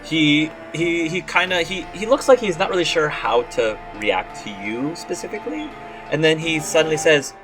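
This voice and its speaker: A man's voice: a little high, animated, normal speed, music in the background. A man narrating a tabletop game as game master in a casual, rambling way. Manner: casual, rambling, many fillers.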